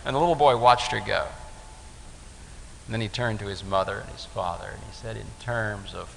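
Male preacher, gravelly and bright-toned, lively storytelling sermon, echoey hall with faint hiss. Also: on the low side, normal speed. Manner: storytelling, acts out voices in anecdotes.

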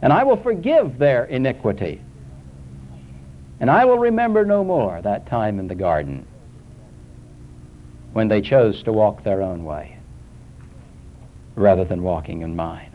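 A man preaching a sermon, swinging between soaring emphasis and hushed, low scripture quotations. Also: very animated, unhurried, pauses often. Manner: dramatic rises and drops, quoting scripture in a hushed low voice. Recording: dull lo-fi recording.

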